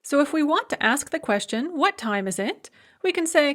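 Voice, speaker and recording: A woman lecturing as a language instructor, explaining step by step and slowing down to model example phrases. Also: high-pitched, animated, fairly bright tone. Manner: clear, methodical explaining with slow modeled Russian phrases. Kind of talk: recorded lecture.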